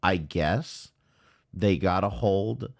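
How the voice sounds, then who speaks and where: A man hosting a commentary show, talking in a sarcastic, deadpan way. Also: sits low, very slow, creaky. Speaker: commentary channel host. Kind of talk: casual mocking commentary.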